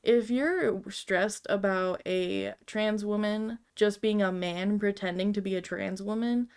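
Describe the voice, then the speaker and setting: A woman's voice: mid-range voice, fairly even intonation, unhurried, a little mellow, smooth. A woman giving casual, rambling commentary on memes, with lots of fillers and frequent giggles. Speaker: video creator.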